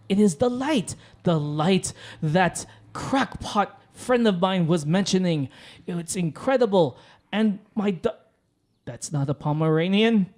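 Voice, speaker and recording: A man's voice: high-pitched, darkish tone, heavily acted. A man voicing a blind man giddy with wonder over lemonade, in melodramatic, rambling exclamations, in an improvised tabletop role-play.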